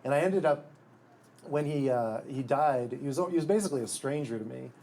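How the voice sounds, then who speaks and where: A man's voice: mid-range voice, brisk, mellow. A man, an author at a live bookstore event, reading from his book and talking about it in a dry, wry way, often restarting his sentences. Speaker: author and guest.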